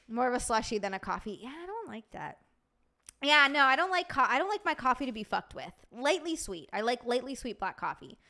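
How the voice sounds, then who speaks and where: High-voiced animated woman streamer. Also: a little fast. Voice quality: animated, swears freely, reacts to chat. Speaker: streamer host. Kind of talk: casual livestream chat reading viewer comments.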